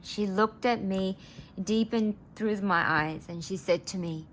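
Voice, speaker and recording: A woman's voice: mid-range voice, unhurried, slight background noise. A woman, telling a personal story in a casual vlog, earnest and rambling as she gets emotional. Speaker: vlogger.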